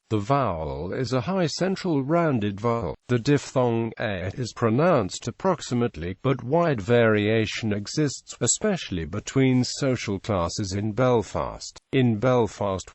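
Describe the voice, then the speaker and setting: A man's voice: mid-range voice, a little mellow, dry recording. A male synthetic narrator reading an encyclopedia article aloud. He reads the text literally and stumbles over phonetic notation.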